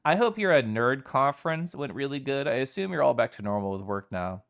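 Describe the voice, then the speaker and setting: A man's voice: medium pitch, animated, a little fast, gravelly, clean tone. A young man chatting casually on a live stream, answering his chat and laughing often.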